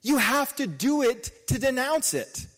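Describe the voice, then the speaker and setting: Animated male preacher with lively pitch. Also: measured pace, soft background music. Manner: animated preaching, voice swinging between loud emphasis and quiet asides. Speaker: pastor. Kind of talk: sermon.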